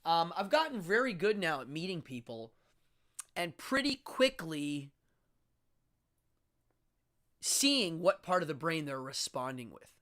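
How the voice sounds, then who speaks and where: Male host, magician type; theatrical, lively pitch, loose livestream chat. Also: a little slow, long pauses. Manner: dramatic and animated, stumbling restarts. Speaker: magician and occultist hosting a live show. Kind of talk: casual livestream monologue.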